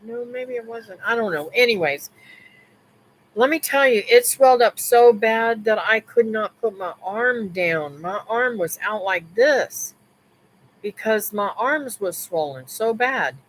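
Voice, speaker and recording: A woman's voice: fairly high pitch, lively intonation, unhurried, a little hiss or hum, rough recording. Rambling woman telling a story on a live stream. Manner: rambling, with restarts and asides to viewers; mixes in religious remarks.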